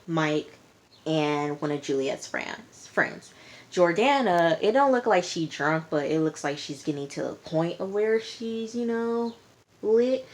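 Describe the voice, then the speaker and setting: A woman with a slightly low voice talks through a TV episode in casual recap style. Her delivery is chatty and slangy, with an exasperated edge. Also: darkish tone. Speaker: TV show reviewer.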